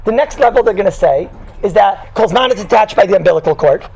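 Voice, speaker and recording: A man's voice: high voice, animated, a little fast, vocal fry, darkish tone, poor audio. A man teaching a Torah class to a live group in a teasing, conversational way, telling stories and constantly checking in with "right?". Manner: tells stories, mixes in Hebrew and Yiddish terms.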